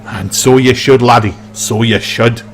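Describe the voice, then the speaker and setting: A man's voice: steady tone, unhurried, a little hiss or hum, close to an everyday voice. A man voicing a proud, jovial older Scottish clansman with a hearty, rolling Scottish accent. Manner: hearty, booming toasts, rolling brogue.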